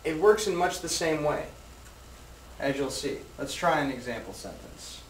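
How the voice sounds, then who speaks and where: A male English teacher giving a recorded grammar lesson, speaking slowly and clearly and repeating example sentences. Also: on the high side, animated, slight background noise. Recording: roomy echo, mic at a distance.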